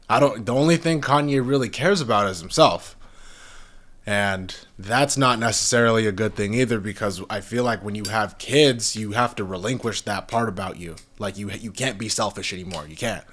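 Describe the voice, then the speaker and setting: Young man, podcast host, lowish voice, heated rambling rant, constant swearing. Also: fairly bright tone. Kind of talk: profane casual podcast rant.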